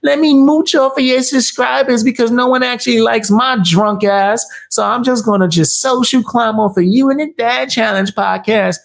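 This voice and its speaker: A man mimicking a shrill, sobbing crybaby. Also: moderate pace, creaky, few pauses. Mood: mocking whine. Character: whiny crying grown man mocking a rival.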